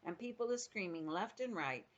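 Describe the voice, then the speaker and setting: An older woman reads a children's book aloud to her grandchildren. Her storytelling is expressive, slipping into the characters' voices as she goes. Her voice sits somewhat low. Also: normal speed, highs cut off.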